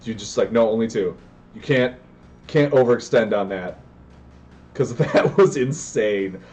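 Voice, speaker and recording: A man commentating his own card game live, excitable and prone to yelling and tangents. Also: medium pitch, a little slow. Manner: excitable, yells in bursts, goes on tangents.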